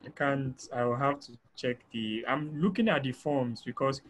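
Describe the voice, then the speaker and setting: A man's voice: mid-range voice, normal speed, noisy background. Hesitant man moderating a webinar. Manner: hesitant, with many fillers while reading questions. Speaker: webinar host. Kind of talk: moderating questions. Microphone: video call.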